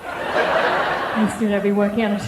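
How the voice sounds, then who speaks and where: A woman's voice: medium pitch, flat delivery, a little slow, echoey room, noisy background. Gossipy Irish woman telling a story. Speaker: comedian. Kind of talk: live stage comedy storytelling. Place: theatre stage with a live audience.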